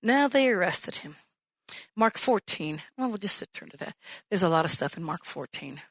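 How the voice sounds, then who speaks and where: A woman pastor preaching a sermon, telling the story with lively acted-out quotes. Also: on the low side, moderate pace, slightly rough, no echo. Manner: animated storytelling, acts out quoted voices.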